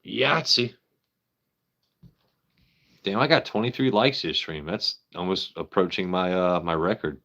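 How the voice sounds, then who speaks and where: A man's voice: deep voice, animated, normal speed, hardly any pauses, fairly bright tone, muffled recording. A man hosting a casual live stream, rambling, joking with his chat and swearing freely. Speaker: livestream host.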